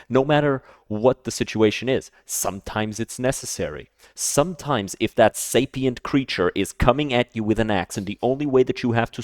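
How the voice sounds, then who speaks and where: A man giving casual reaction commentary, emphatic and quick to repeat himself, often stumbling and restarting his phrases. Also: mid-range voice, a little mellow, no room sound, clean studio sound. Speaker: streamer reacting to a video.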